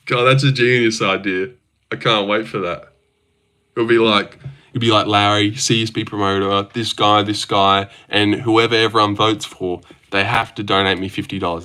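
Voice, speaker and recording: Reading his viewers' messages out loud, a young livestreamer casually teases his chat. His voice is on the low side, bright and forceful.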